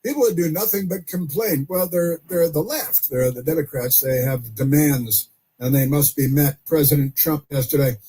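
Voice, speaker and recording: A man's voice: a little high, normal speed, dark tone, slightly rough. A man hosting a political call-in radio show, chatty, chuckling and often repeating himself. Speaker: radio talk show host.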